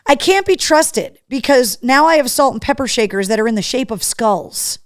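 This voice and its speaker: A woman hosting a casual live show, chatty and excitable, talking to her dog between opening gifts from fans. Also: high voice, normal speed, no echo, clean studio sound. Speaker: host.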